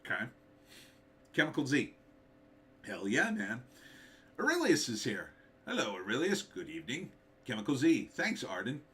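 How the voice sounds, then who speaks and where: A middle-aged man, slightly hoarse, hosting a casual livestream, thinking aloud and reading out viewer comments with hums and fillers. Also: mid-range voice, huge pitch swings, normal speed, long pauses, bright, forceful tone. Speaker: livestream host, author.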